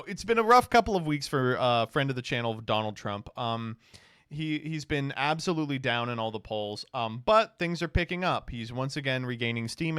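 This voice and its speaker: A man streaming casual reaction commentary, animated, swearing freely and laughing often. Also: medium pitch, clean tone, no room sound, clean studio sound.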